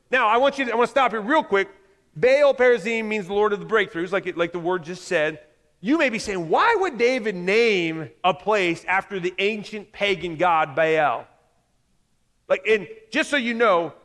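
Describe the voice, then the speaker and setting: A man's voice: sits high, fairly bright tone. A man preaching a conversational sermon, often acting out quoted voices as he speaks. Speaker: pastor. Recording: reverberant hall.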